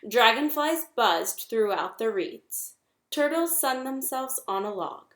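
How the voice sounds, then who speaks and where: Woman reading a storybook aloud. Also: a little high. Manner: expressive, measured narration. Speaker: reader. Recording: echoey room.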